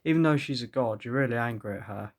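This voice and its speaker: A man's voice: mid-range voice, quick pace. A man reading an AI-written second-person story aloud, often stopping to comment and laugh at it. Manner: breaks into laughter, comments between lines.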